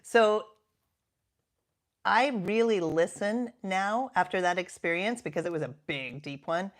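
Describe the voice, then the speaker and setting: A woman in her fifties, a coach talking reflectively and earnestly, sometimes sinking to a soft half-whisper for emphasis. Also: mid-range voice, measured pace. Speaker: coach and podcast host. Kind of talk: reflective self-help talk.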